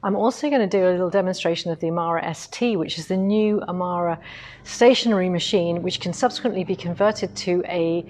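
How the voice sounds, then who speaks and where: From an indoor quilting machine showroom, a middle-aged woman hosts her quilting shop's livestream, chatting casually and rambling with asides while repositioning the camera on its tripod. Her voice is fairly low, a little fast, and a little mellow.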